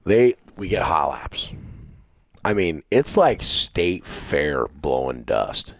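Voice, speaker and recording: A middle-aged man, a race car driver guesting on a podcast, telling stories in casual chat, animated and profane, acting out what people said. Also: extremely low pitch, takes it slowly, gravelly, no echo. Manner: animated, profane, acts out quotes.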